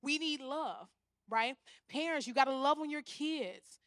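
High-pitched lively woman preaching. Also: a little slow, dry recording, clean studio sound. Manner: animated, acts out quoted voices. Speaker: guest speaker. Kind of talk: sermon.

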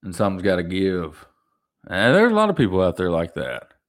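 A man's voice: low voice, huge pitch swings, fairly quick. A young adult man hosting a solo podcast, ranting animatedly and mocking people in put-on voices. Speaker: podcast host.

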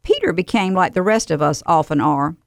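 A woman delivering a scripted radio devotional in an earnest, steady, exhorting manner. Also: lowish voice, a little fast, vocal fry, no room sound, clean studio sound.

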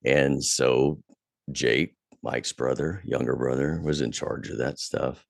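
Super deep gravelly guy swearing thru a road story, dry close mic. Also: takes it slowly, no room sound. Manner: profane, animated retelling, voice rising when angry. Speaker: podcast guest. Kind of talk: casual storytelling chat.

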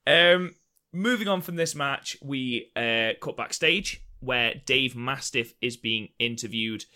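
A man's voice: mid-range voice, slow pace, bright, forceful tone. A man co-hosting a wrestling review podcast, chatty and jokey, swearing casually. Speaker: podcast co-host.

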